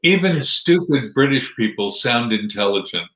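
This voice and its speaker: A man's voice: mid-range voice, lively intonation, moderate pace, roomy sound, very noisy. A man with a Midwestern American accent, a ministry guest chatting in an interview with dry, joking wit. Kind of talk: casual interview chat.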